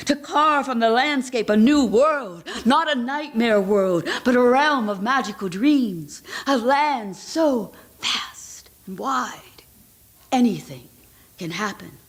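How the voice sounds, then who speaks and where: A woman voicing a dying German woman writer in her fifties, with a German accent and crisp, sharp consonants. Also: mid-range voice. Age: 50s.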